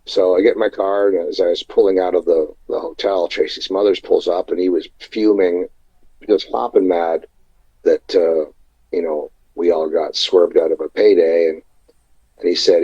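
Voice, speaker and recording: A man with a low, husky voice rambles through an old anecdote in a casual interview. He stops, restarts and fills gaps with "uh" as he remembers. The sound is dull and lo-fi, like a remote call. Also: dark tone. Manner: rambling, halting anecdotes with many fillers. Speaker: wrestler guest. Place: indoors at night, remote call.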